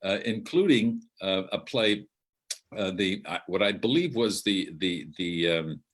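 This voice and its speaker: A man's voice: lowish voice, lively intonation, measured pace, a bit bright. An older man, a theatre director, telling rambling anecdotes with many self-corrections and asides. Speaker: outgoing theatre artistic director.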